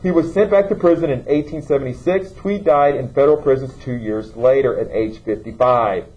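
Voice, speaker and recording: A man's voice: mid-range voice, fairly quick, a little mellow, lo-fi sound. A man teaching a classroom lesson, asking students questions and checking in with "okay?". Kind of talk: classroom lecture.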